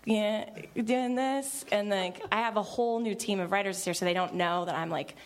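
A woman's voice: mid-range voice, moderate pace. A woman in her thirties speaks as a guest on a panel, her voice in a middle range. She talks in a chatty, emotional way, restarting sentences and leaning on fillers as the thoughts come. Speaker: panel guest, TV show creator. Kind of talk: panel discussion.

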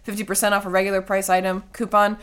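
A woman's voice: mid-range voice, little pitch movement, fast, a bit bright, smooth. A young woman co-hosting a podcast in casual chat, teasing playfully and laughing often. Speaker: podcast co-host.

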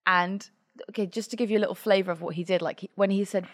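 Irish woman, podcast co-host, chatty and teasing, mid pitch. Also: steady tone, quick pace. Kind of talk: casual chat.

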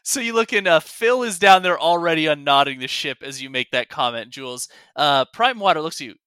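A man narrating a tabletop game as game master, halting with many fillers. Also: on the high side, lively intonation, bright, forceful tone, clear, resonant tone, dry recording.

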